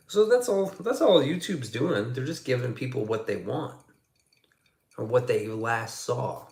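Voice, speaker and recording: A man's voice: mid-range voice, lively intonation, a little slow, darkish tone, echoey room. A man chatting casually on his livestream, swearing a lot and rambling through stories. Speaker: streamer.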